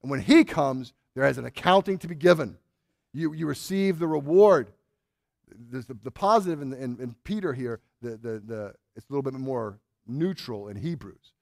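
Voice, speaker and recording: A man's voice: mid-range voice, expressive, normal speed, creaky, no echo, studio quality. A man preaching a sermon as pastor, earnest and emphatic, stressing key words and putting questions to his congregation. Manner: asks the congregation rhetorical questions.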